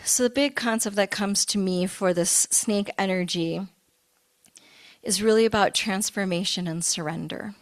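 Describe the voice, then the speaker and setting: A middle-aged woman minister giving a sermon in a conversational, expressive way, with playful asides. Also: mid-range voice, normal speed.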